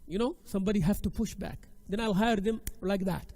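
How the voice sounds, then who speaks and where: Guy teaching a class of sisters, pretty high voice, pushy and emphatic, says stuff twice. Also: fairly quick, mellow. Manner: emphatic, exhorting, repeats key phrases. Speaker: Islamic studies teacher. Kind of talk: lecture to a women's class.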